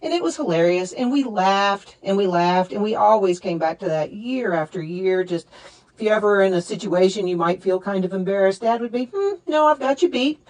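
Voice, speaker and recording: A woman's voice: mid-range voice, a little fast, low-quality recording. Woman in her fifties telling memorial stories. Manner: warm storytelling with frequent laughter. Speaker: eulogy speaker. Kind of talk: memorial storytelling. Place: fellowship hall.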